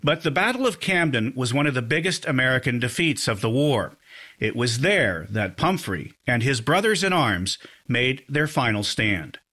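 A man narrating a news report as a correspondent, measured and even. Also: mid-range voice.

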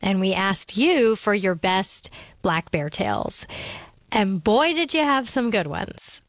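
A woman's voice: medium pitch, expressive, slow, no echo. A woman hosting a radio show, introducing listener calls in an upbeat, conversational way. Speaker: radio host. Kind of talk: scripted radio presenting.

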